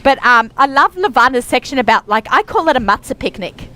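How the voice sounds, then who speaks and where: A middle-aged Australian woman hosts a radio show live from a busy store, chatting in a bubbly, filler-heavy way. Her high-pitched voice is expressive, brisk, bright and forceful, with faint store noise in the background.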